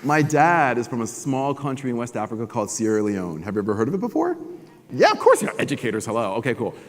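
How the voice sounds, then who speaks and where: A man giving a motivational keynote at a conference, energetic and animated as he tells stories to the audience. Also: medium pitch, quick pace, background noise. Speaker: keynote speaker. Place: large conference hall. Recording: long hall reverb.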